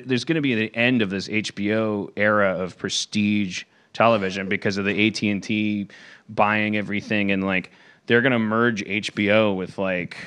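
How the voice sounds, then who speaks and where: A man hosting a podcast, tipsy and rambling in halting, restarting casual talk. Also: lowish voice, a bit bright, smooth. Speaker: podcast host. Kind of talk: casual chat.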